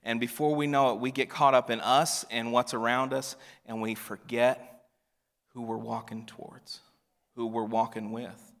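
A male pastor preaching a sermon, swinging from loud emphatic lines to hushed near-whispers. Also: medium pitch, little pitch movement, moderate pace, vocal fry. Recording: long reverb of a large hall.

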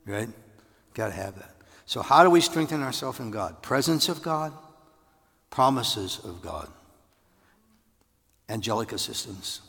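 A man in his sixties preaching a conversational, animated sermon, his husky voice carrying in a church sanctuary. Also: a little slow, long pauses. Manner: conversational, animated, with jumps into falsetto for acted voices. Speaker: pastor. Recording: long reverb of a large hall.

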